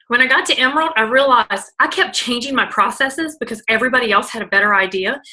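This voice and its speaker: Bubbly, bright-voiced woman team leader. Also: fairly high pitch, rough recording. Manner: bubbly, lots of fillers and "like"; self-described loud and out there. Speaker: network marketing team leader. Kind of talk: casual training talk.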